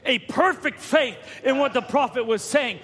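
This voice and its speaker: A man preaching a sermon, telling a story with repeated words and rising to shouts at key points. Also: very high-pitched, normal speed. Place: church hall. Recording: long reverb of a church hall.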